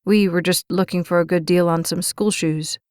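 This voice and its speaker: A woman voicing a polite, somewhat reserved young man in an audiobook, with a quiet, guarded way of speaking. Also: on the low side, steady tone, normal speed, smooth, no room sound, studio quality, natural voice.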